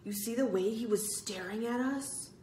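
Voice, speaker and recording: A woman voicing an excitable middle-school boy who talks in a whiny, insistent way, read aloud in a room with a noticeable echo. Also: a little high, normal speed, a little hiss or hum, pitched above the performer's own voice, lightly acted. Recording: roomy echo.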